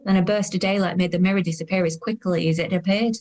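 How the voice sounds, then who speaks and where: A woman's voice: lowish voice, fairly even intonation, fast, a little mellow, natural voice. A woman in her thirties narrating in the first person as a weary, self-conscious woman, with a dry, sardonic tone. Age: 30s.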